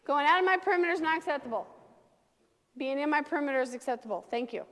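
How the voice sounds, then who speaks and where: A woman's voice: high voice, animated, rapid-fire, a bit bright, long reverb tail. A woman dog trainer teaching a dog training class, coaching owners and checking in with a frequent "okay?".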